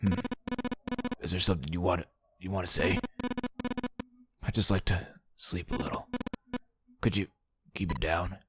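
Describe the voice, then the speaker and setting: A woman's voice: rumbling low, fairly even intonation, moderate pace, long pauses, music in the background, voice pushed down. A woman doing a slurred drowsy weak man. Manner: quiet, slurred and fading.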